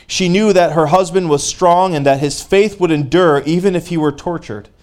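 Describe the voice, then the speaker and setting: A man preaching a sermon, reading a story aloud and pausing to speak directly to his congregation, growing fervent. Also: fairly high pitch, a little mellow.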